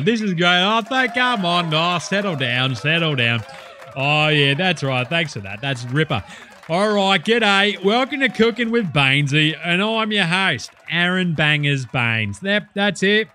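A man's voice: fairly high pitch, sharp tone, slight background noise. A man with an Australian accent voicing a crude, boisterous male cooking-show host in a comedy sketch. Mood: hammy. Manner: blokey, crude, rambling, hammy showman.

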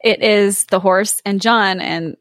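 A woman's voice: mid-range voice, steady tone, takes it slowly, a bit bright, no room sound, studio quality. A young woman co-hosting a podcast, joking and chatting casually about a fairy tale. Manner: playful, joking. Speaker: podcast co-host. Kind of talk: casual chat.

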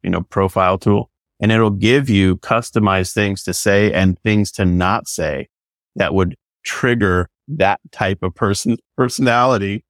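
Man, business coach, excited rambling chat, dry close sound. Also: on the low side, a little slow, no echo. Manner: enthusiastic, rambling, many fillers like "you know". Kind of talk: casual podcast conversation.

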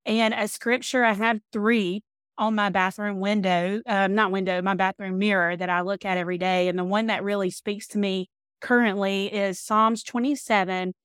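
A woman in her thirties with a Southern accent, talking openly and chattily as a podcast guest. Her voice is smooth and clear, and it sounds close and dry. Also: mid-range voice, fairly even intonation, normal speed, no room sound. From Alabama, US. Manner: open, chatty, warm storytelling. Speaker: podcast guest, speaker and author. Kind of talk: casual chat.

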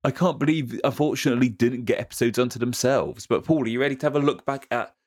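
A man co-hosting a history podcast, explaining things quickly and rambling a little. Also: medium pitch, darkish tone, no room sound, studio quality. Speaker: podcast co-host. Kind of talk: casual history podcast chat.

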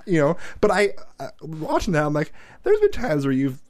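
A man's voice: on the high side, normal speed, no echo. Male co-host, 30s, swearing storyteller, dry sound. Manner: profane, animated storyteller who shouts when reenacting. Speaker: podcast co-host. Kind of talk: casual chat.

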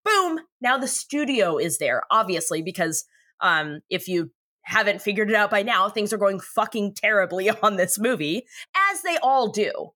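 A woman's voice: medium pitch, animated, normal speed, fairly bright tone, no room sound, studio quality. A woman co-hosting a podcast, recapping an episode in a chatty, profane way and laughing often. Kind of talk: casual chat.

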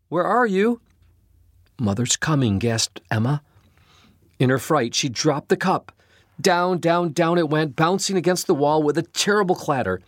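A man narrating a storybook, reading expressively with an animated delivery. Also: medium pitch, breathy edge, dry recording, clean studio sound. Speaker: storybook reader.

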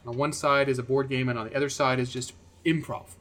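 A man co-hosting a casual podcast chat, with a middle-pitched voice. He builds his arguments in a measured, reasoned way, with a dry edge to how he pushes back. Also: flat delivery, fairly bright tone. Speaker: podcast co-host, game master.

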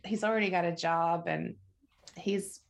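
A woman on a podcast panel talks slowly, her voice carrying a gravelly fry. She is chatty and laughs often. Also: on the low side, fairly even intonation, crowd noise. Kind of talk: casual panel chat.

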